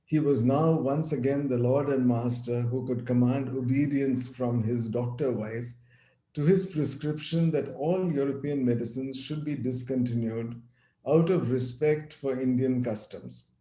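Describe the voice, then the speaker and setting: A man giving an academic lecture over a video call, measured and partly read aloud, with a few restarts. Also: mid-range voice, fairly even intonation, mellow, reverberant. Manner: measured, reads quotations with some restarts.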